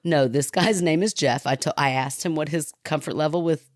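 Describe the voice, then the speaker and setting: A woman with a Kentucky accent, co-hosting a podcast and telling a story in lively, laughing chat, acting out quotes. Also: low voice, normal speed, no room sound, studio quality. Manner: animated, laughing, acts out quotes. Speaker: podcast co-host.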